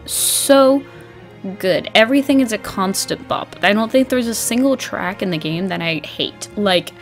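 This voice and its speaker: A young woman vlogger chatting casually about a game, bubbly and animated, laughing often and acting out her old reactions. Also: medium pitch, unhurried, soft background music. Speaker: gaming vlogger. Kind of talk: casual chat.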